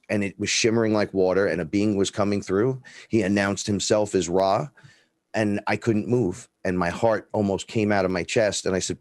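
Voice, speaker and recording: A man's voice: lowish voice, normal speed, no echo. A middle-aged man from the Bronx, telling personal stories as a guest and acting out the dialogue. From the Bronx, New York. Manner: animated storyteller, acts out quoted dialogue, swears freely. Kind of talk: casual storytelling.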